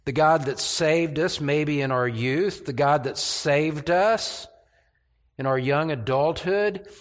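An older man preaching an expository sermon, slow and deliberate, with emphatic rises on key phrases. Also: a little high.

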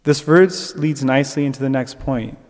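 A young preacher offers a conversational sermon reflection at a moderate pace in a medium-pitched voice. He uses fillers and restarts, growing animated when he tells stories. The sound is that of a big room.

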